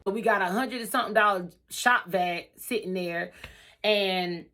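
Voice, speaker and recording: Vlogging about her life story, a woman talks in a casual, animated way with a bright, forceful voice of medium pitch. She repeats phrases for emphasis, moves between loud and quiet, and keeps an unhurried pace.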